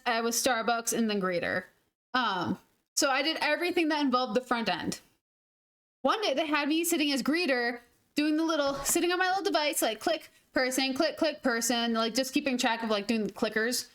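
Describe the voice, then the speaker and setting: Young girl gamer, high voice, just rambling stories, laughs and cusses a lot. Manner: chatty, animated, laughs and swears freely. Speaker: gaming streamer. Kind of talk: casual storytelling while gaming.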